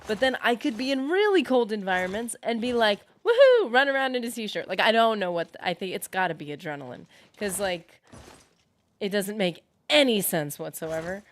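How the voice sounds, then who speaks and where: A woman's voice: medium pitch, expressive, moderate pace. Chatty rambling woman streamer. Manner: rambling, chatty, many fillers, reads out chat comments. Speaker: streamer playing a game. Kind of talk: casual livestream chat.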